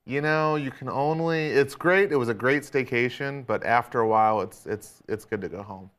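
A man on a casual chat show lays things out in a plain, explanatory way. His voice is smooth and clear. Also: mid-range voice, normal speed, fairly bright tone.

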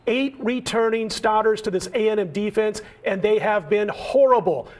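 A man in his forties from Nebraska, giving punchy, opinionated analysis as a regular on a sports betting talk show. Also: high voice. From Nebraska, USA.

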